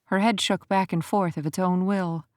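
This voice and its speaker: Low-voiced woman narrating an audiobook. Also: no echo, studio quality. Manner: even, measured storytelling.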